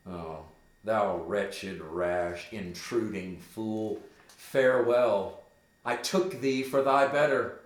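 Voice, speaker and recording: An intense young prince speaks bitter, emphatic verse, read by a man. The lines are slow and deliberate, with lively swings in pitch. The room around him is echoey. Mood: grim. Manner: measured, emphatic verse reading.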